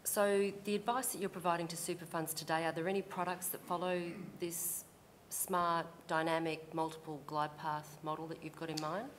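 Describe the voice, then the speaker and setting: Low-pitched Australian woman, a probing, skeptical commissioner at a hearing; faint rumble behind. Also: level tone, normal speed. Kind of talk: questioning at a public hearing.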